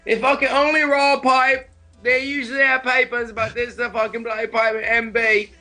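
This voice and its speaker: A man putting on a mock English accent as a jolly, swearing bloke, loud and laughing. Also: very high voice, flat delivery, moderate pace, full character voice. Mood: boisterous. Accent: put-on English.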